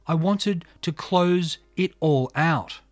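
A man's voice: fairly high pitch, no room sound, faint music behind. Man narrating true crime in a dry, close voice. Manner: measured, reads quoted testimony in a subdued tone. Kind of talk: true crime narration reading court testimony.

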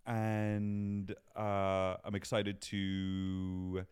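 A man's voice: sits low, monotone, very slow, a little mellow, smooth. A young man co-hosting a podcast, chatting in a camp, joking way. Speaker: podcast co-host. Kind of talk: casual chat.

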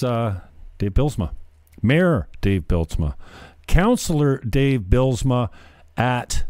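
A man's voice: lowish voice, dark tone, no echo. A middle-aged man hosting a casual podcast chat, earnest and prone to repeating his words as he restarts sentences. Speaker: podcast host.

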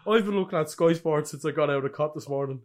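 Rowdy young man, fairly high voice. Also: fast talker. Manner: rowdy, sweary, laughs a lot. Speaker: podcast co-host. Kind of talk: casual football podcast chat.

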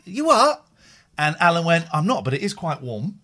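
A man hosts a late-night radio show, rambling and teasing his co-hosts. His voice sits fairly high and swings widely in pitch. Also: lively intonation, brisk, fairly bright tone.

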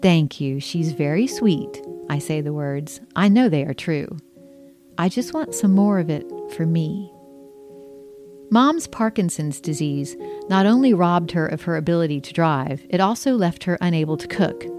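Low-voiced woman reading her own memoir. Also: animated, normal speed, music in the background. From American South. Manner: conversational, wry storytelling with lightly acted dialogue. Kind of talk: audiobook memoir narration.

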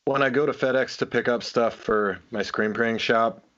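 A man co-hosting a podcast, chatting in an easygoing way with quick asides. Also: medium pitch, steady tone, a bit bright. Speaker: podcast co-host. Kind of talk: casual chat. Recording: dull lo-fi sound.

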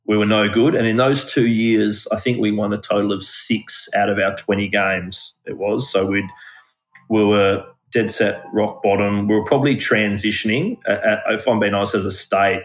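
A man's voice: fairly low pitch, steady tone, normal speed, poor audio. An Australian man talking casually as a podcast guest, telling rambling anecdotes. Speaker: guest, former country cricket coach.

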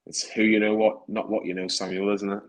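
A man's voice: lowish voice, little pitch movement, a little fast, poor audio. A man co-hosting a football podcast, teasing and enthusiastic in casual chat. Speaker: podcast co-host.

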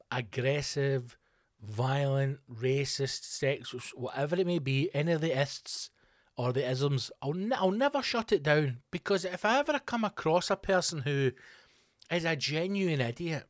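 A man's voice: on the high side, dry recording, studio quality. A male comedian telling a rambling, profane comic story as a podcast host.

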